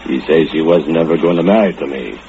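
An actor playing a drunken, murderous foundry laborer who speaks in broken English and gloats with low chuckles, in an old-time radio drama. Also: male voice, a little fast, a little hiss or hum. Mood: gloating. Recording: muffled old radio recording with music.

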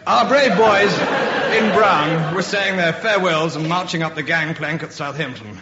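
A man plays a posh old army colonel who rambles through his memoirs. His voice sits fairly high and plummy, full of self-satisfaction. The old radio recording sounds muffled and echoey, with music under it. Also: a little fast, over a noisy crowd, very noisy, lightly acted. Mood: pompous. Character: pompous old retired First World War colonel. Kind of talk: comic radio sketch acting.

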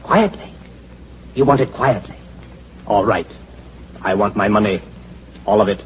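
A man's voice: fairly low pitch, a little slow, a little hiss or hum, lightly acted. A man playing an agitated, desperate small investor confronting a swindler in a 1940s-style radio drama, on a dull old recording. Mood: demanding.

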